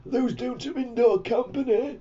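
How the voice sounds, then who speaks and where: A man's voice: very high-pitched, moderate pace, warm tone, breathy edge, lo-fi sound, pitched above the performer's own voice. A man voicing his own cheeky male alter ego, trading dry, mocking banter in a comedy podcast. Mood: teasing.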